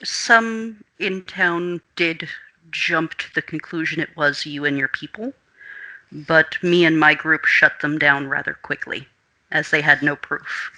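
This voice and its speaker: A man playing his character in a tabletop game, earnest and plain-spoken. His tone is very bright. His voice sits a little high. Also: unhurried, poor audio. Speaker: player. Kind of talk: in-character tabletop role-play.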